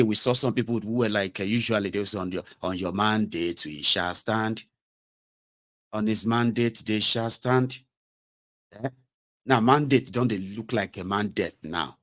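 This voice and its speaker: A man's voice: on the low side, a bit bright. A man with a Nigerian accent giving impassioned political commentary, sarcastic and indignant, slipping into Pidgin and Yoruba phrases.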